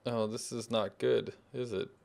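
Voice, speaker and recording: A man's voice: mid-range voice, fairly even intonation, measured pace, gravelly, a little mellow. A man hosting a multiplayer gameplay session, chatting casually and thinking aloud as he sorts out game systems. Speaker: gameplay host.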